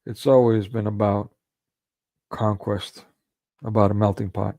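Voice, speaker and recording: Guy ranting into the mic, gravelly and sarcastic, real dry sound. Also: fairly low pitch, little pitch movement, measured pace, mellow, dry recording. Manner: sarcastic, scornful, with mocking laughs. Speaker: commentator. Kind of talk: ranting monologue commentary.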